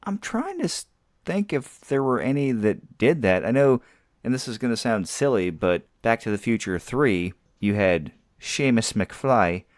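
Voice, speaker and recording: A man's voice: mid-range voice, sing-song, unhurried, no room sound, clean studio sound. A man co-hosting a podcast, chatting casually about films and laughing easily. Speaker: podcast co-host. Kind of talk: casual movie review chat.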